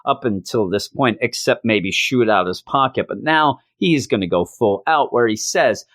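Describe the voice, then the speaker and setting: A man reviewing an old comic book, retelling the plot in a casual, animated way and briefly acting out the characters' lines. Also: medium pitch, normal speed, no echo.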